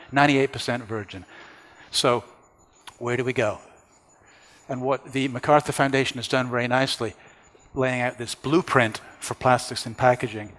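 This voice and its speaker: A man giving a conference presentation, walking an audience through slides one point at a time in a measured way. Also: mid-range voice, fairly bright tone, in a large hall. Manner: measured, explains slides step by step. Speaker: conference speaker. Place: conference hall.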